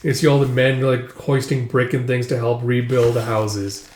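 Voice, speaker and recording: A man's voice: medium pitch, little pitch movement, normal speed, a little mellow, slight background noise. A man casually retelling a comic book, narrating loosely with lots of filler. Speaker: manga reader. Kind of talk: casual read-through narration. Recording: echoey room.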